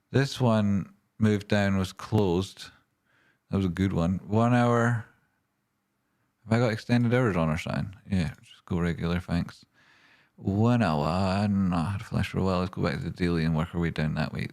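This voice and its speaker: A man's voice: low-pitched, normal speed. A man hosting a stock livestream, swearing and ranting, then rambling casually through charts and viewer questions.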